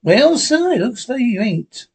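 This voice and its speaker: A man's voice: very high voice, very animated, a little slow, vocal fry, breathy edge, voice pushed up, exaggerated voice. A man doing a bumbling young sidekick. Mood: flustered. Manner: flustered, hesitant.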